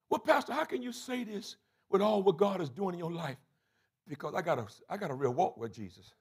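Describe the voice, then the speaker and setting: A man preaching a sermon as bishop of his church, building to shouted climaxes, calling out to the congregation and acting out quoted voices. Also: sits high, expressive, fairly quick, breathy edge. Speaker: bishop and pastor. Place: church sanctuary.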